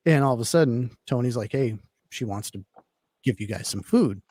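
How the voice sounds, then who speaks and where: A man's voice: medium pitch, lively intonation, fairly quick, darkish tone, husky, dry recording. A man telling a long personal story in casual talk, rambling with lots of fillers. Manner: rambling, filler-heavy, laid-back. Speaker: podcast guest telling a story.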